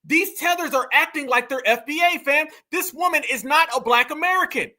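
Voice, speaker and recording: A man with a strikingly high, bright and forceful voice hosts a live stream. He talks emphatically and turns often to his chat. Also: a little fast. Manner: emphatic, addresses the chat directly. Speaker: livestream host.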